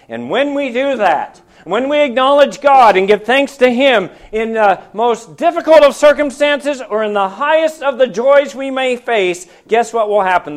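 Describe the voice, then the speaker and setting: A man delivers a sermon in a notably high-pitched voice. He asks his listeners question after question, pressing his points loudly, then drops to a hushed, quiet tone. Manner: preaching with rhetorical questions to the congregation; swings between loud emphatic lines and hushed quiet ones. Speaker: pastor.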